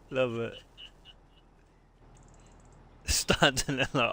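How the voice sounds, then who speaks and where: Gravelly man chatting on stream. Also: medium pitch, moderate pace, fairly bright tone. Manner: chatty, laughing, greets viewers as mate. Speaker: game streamer. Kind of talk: live-stream chat while gaming.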